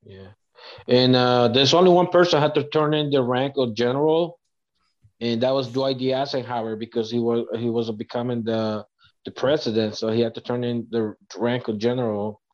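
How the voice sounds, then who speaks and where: A man co-hosting a casual podcast, speaking haltingly with many restarts. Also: mid-range voice, steady tone, lo-fi sound.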